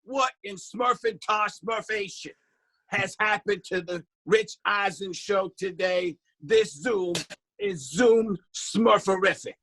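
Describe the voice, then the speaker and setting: A man's voice: sits high, fairly bright tone, no echo, exaggerated voice, low-quality recording. A man impersonating a bombastic male sports pundit as a smurf, drawing out every word in declamatory fashion. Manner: drawn-out, declamatory, emphatic. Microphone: video call.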